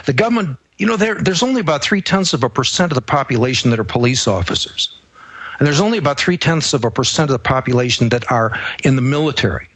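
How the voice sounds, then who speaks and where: A male guest on a talk show, explaining his views in a measured, step-by-step way. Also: medium pitch, expressive, a bit bright, no echo. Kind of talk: political talk show discussion.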